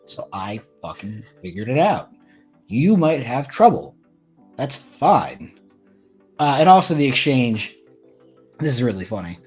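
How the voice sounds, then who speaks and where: A man in his twenties co-hosting a podcast, chatting casually in a blunt, swearing, animated way. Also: mid-range voice, husky. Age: 20s. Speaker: podcast co-host. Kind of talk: casual chat.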